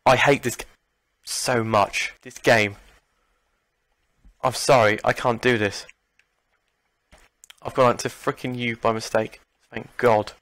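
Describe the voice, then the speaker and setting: A young man commentates on his game in an exasperated, ranting way, sighing and swearing as things go wrong. His voice sits at an ordinary middle pitch. The recording is close and dry, with no room sound. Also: steady tone, slow, long pauses, fairly bright tone, dry recording. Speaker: let's play gamer.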